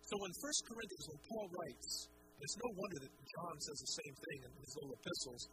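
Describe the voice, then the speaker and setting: A man's voice: sits high, big pitch swings, a little fast. A man preaching a sermon as pastor to a large congregation in a church, asking questions and pressing each point home. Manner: emphatic preaching with rhetorical questions. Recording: noisy live sermon recording.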